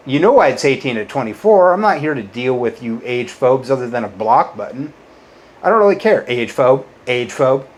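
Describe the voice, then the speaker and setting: A man ranting bitterly at his critics in a to-camera monologue, swearing often, jumping up when riled and dropping low and quiet on insults. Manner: bitter, combative, swears a lot. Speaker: YouTuber.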